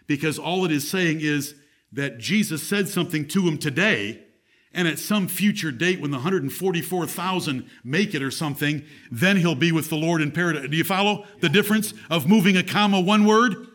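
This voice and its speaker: A man's voice: a little high, fairly bright tone. Emphatic preaching pastor, man. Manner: emphatic preaching, reads scripture aloud. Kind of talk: sermon.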